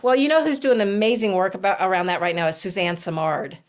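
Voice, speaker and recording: A middle-aged woman talks as an interview guest, spinning a personal story. She acts out the people in it with lively voices and often restarts her sentences as she goes. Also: mid-range voice, fast talker, crowd noise. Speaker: herbalist guest.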